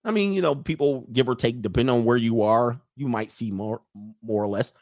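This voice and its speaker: A man's voice: mid-range voice, fairly quick, darkish tone, no room sound, clean studio sound. A man hosting a casual livestream, joking and rambling as he reads out donations. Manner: joking, rambling, breaks into laughter. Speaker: livestream show host.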